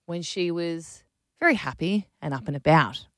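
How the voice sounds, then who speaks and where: An Australian woman in her thirties hosting a breakfast radio show, telling a story with animated energy and frequent laughter. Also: lowish voice, normal speed, no echo, clean studio sound. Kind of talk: casual radio banter. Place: radio studio. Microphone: studio microphone.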